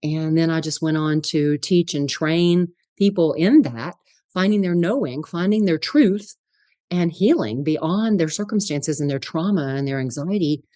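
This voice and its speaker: A middle-aged woman, a spiritual psychologist, telling her story in an interview with animated, laughing delivery. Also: low voice, a little slow, no echo, studio quality.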